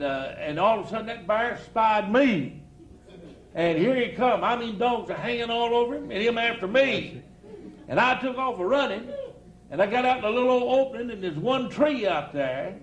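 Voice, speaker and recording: An older preacher spins comic yarns in a chuckling folksy drawl, building each tale to a punchline. His voice rides high for a man. The live recording is roomy and echoey, with faint noise underneath. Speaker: evangelist storyteller. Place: outdoor church campground stage.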